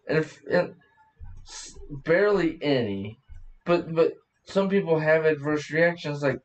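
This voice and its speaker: A man's voice: on the high side, lively intonation, moderate pace. A man hosting a casual podcast chat, rambling between topics, laughing often and swearing freely. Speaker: podcast host. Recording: voice distant from the mic.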